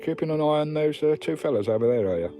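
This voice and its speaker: A man's voice: fairly high pitch, lively intonation, quick pace. Rambling male vlogger, casual live chat, faint music in the background. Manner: rambling, chatty, talks to his dog and viewers. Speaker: vlogger hosting a live stream. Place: inside a campervan.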